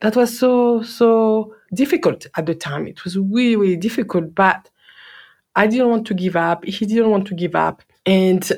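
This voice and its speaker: Gravelly-voiced French-accented woman. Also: medium pitch, moderate pace, darkish tone. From Guadeloupe, French Caribbean. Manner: reflective, earnest, repeats words for emphasis. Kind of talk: personal storytelling.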